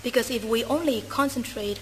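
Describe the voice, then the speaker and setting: Woman, English speaker, sermon interpreter, fairly high voice, halting with fillers, reverberant hall. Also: a bit bright, a little hiss or hum. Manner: hesitant, many uh fillers and self-corrections. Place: church hall. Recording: reverberant hall, faint ambience.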